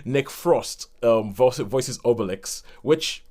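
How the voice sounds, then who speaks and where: A chatty man from Nigeria, co-hosting a casual film podcast. His voice sits at an ordinary middle pitch, and he talks in a lively, easy way with frequent laughter. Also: takes it slowly. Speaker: podcast co-host. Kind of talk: casual chat about films.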